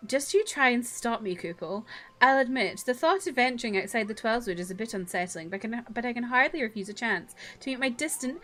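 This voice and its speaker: A woman's voice: on the high side, expressive, a little fast, fairly bright tone. A woman voicing a small, timid male moogle who tags his sentences with a quaint verbal tic, with game music playing behind her. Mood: chirpy. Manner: quaint, ends sentences with kupo.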